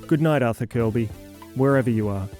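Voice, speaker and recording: A man hosting an audio fiction show, introducing the episode with deadpan dark humor. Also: medium pitch, a little fast, soft background music. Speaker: podcast host. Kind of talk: scripted narration.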